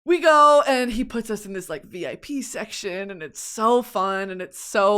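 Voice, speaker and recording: A woman from Texas with a Texan accent, hosting a podcast and telling a comedic story in an animated, profane way, laughing often. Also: medium pitch, moderate pace, few pauses. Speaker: podcast host.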